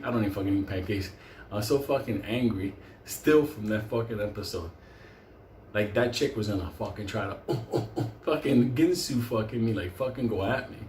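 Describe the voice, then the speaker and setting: A man telling a wild story in a profane, animated way, laughing often. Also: medium pitch, a little hiss or hum. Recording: roomy echo, faint ambience.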